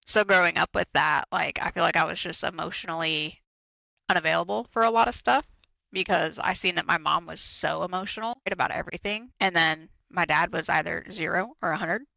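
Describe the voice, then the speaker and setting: Gravelly, bright-toned blunt man. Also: a little high, brisk, dry recording, lo-fi sound. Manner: blunt, swears freely, repeats himself. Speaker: podcast co-host. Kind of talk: candid casual chat.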